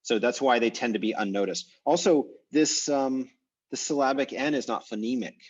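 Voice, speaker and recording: A man's voice: medium pitch, normal speed, husky, distant mic. A man teaching an online language class with an American accent, talking in a chatty, rambling way with many fillers. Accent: American English. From United States. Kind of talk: casual online class discussion. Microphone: video call. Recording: muffled video call audio.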